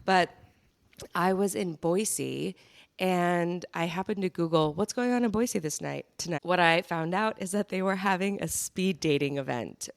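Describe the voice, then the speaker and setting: A woman's voice: on the low side, creaky, no room sound. A woman co-hosting a podcast, telling stories in a bubbly, gushing casual chat. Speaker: podcast co-host.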